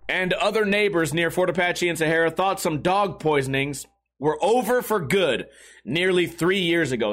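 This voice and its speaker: A man's voice: on the high side, a bit bright. A young man telling a story casually, rambling, swearing and laughing often as a podcast host.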